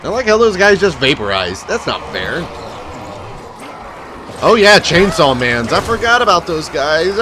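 A man comments on his game with sarcasm, profanity and laughter. His pitch swings widely from one line to the next. Steady game noise runs behind him. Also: normal speed. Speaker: gameplay commentator. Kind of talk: casual let's play commentary.

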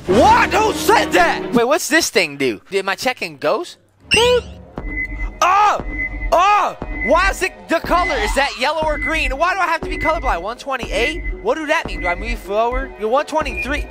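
A middle-aged man giving goofy, excitable commentary while playing a video game, with sudden shouts and silly voices. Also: extremely high pitch, brisk, hardly any pauses, over loud music. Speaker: gaming channel host.

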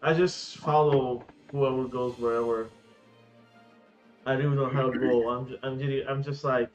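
A man's voice: mid-range voice, fairly even intonation, moderate pace, lo-fi sound, soft background music. A man playing a tabletop game, playful and stumbling over repeated words in his eagerness. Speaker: player. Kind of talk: casual play chat.

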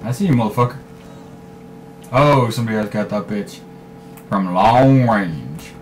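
A low-pitched man commentating live on his shooter match, his voice swinging widely up and down as he curses and trash-talks the other players. The delivery is loose and unscripted, with a faint hiss of noise under it. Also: measured pace. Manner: profane, excitable trash talk. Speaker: gaming commentator.

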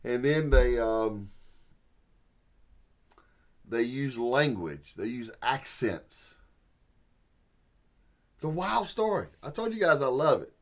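A man teaching through a Bible passage in a folksy, animated storytelling way, chuckling as he goes. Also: medium pitch, slow, long pauses. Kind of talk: sermon-style Bible teaching.

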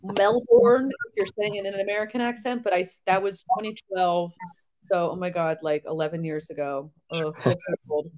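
A woman in her thirties, a podcast guest, telling travel stories in a chatty, animated way with lots of fillers. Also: lowish voice, fairly quick, poor audio. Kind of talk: casual chat.

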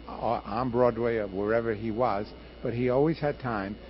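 An older man, a radio producer, telling stories emphatically in an interview. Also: medium pitch. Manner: emphatic, passionate storyteller. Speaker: radio producer and director, guest. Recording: muffled archival radio interview with faint hiss.

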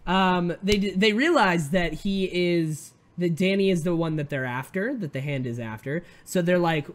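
A man's voice: high voice, moderate pace, hardly any pauses. Rambling, chatty male show reviewer. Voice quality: rambling and chatty, with frequent fillers and self-interruptions. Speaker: host. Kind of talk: casual vlog-style TV show review.

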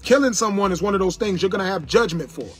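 Angry high-voiced man preaching at viewers. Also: expressive, fast talker, soft background music. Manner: angry, repetitive, sermon-like warnings. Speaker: internet personality ranting to viewers.

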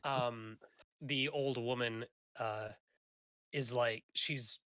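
Bright-voiced male game master. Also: mid-range voice, steady tone, extremely slow, smooth, no echo. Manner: casual with many fillers. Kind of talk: narrating a tabletop game.

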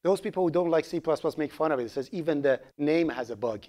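A man with a Persian accent giving a programming lecture, animated and joking, asking the class questions as he goes. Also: fairly high pitch, fast talker. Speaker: programming instructor.

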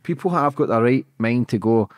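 A man's voice: medium pitch, lively intonation, a little fast, no room sound, clean studio sound. A man hosting a podcast, asking questions casually and bluntly, swearing freely. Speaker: podcast host. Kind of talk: podcast interview.

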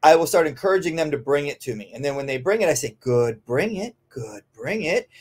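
A man who trains dogs, answering listener questions in a casual podcast, often tagging "right?" and filling pauses with "um". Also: a little high, a little mellow. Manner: conversational, frequent "um" and tag "right?". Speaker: dog trainer.

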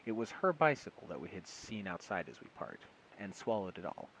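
A man's voice: deep voice, very animated, brisk, slight background noise, poor audio. Man casually reading a story aloud. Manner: stumbling, self-correcting, with amused asides. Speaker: audiobook reader.

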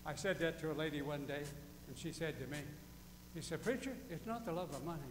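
A man's voice: fairly high pitch, lively intonation, fast talker, reverberant, in a large hall, background noise. A male pastor preaching a folksy sermon, quizzing his congregation and repeating key phrases for emphasis. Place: church sanctuary.

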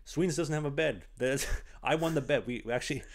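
A young man hosting a podcast, an animated storyteller who says "like" a lot in casual chat. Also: on the high side, brisk. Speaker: podcast host. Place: small apartment.

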